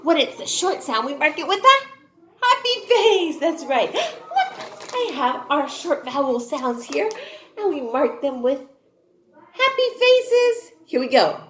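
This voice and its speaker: A woman's high voice swoops up and down as she leads a kindergarten phonics lesson, playful and exaggerated. She speaks slowly and clearly, drawing out each word. The recording sounds roomy and echoey. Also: very animated, a bit bright, slight background noise. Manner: sing-song, exaggerated and playful. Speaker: kindergarten teacher. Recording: roomy echo.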